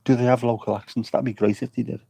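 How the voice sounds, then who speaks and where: A man's voice: medium pitch, level tone, fast talker, vocal fry, mellow, husky, no echo. A man livestreaming from an outdoor air show, rambling and joking with his chat. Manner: jokey, rambling banter with chat.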